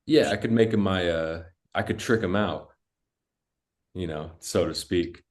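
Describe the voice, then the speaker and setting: Deep-voiced young man, rambling and cussing. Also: a little slow. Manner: rambling storytelling, heavy cussing, lots of "dude" and "like". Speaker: podcast co-host. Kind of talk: casual podcast chat.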